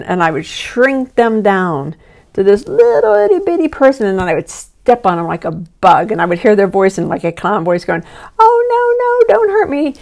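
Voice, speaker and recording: A woman's voice: mid-range voice, a little mellow. A woman in her sixties, a podcast host and life coach, talking listeners through self-help steps in an earnest, instructive way. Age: 60s.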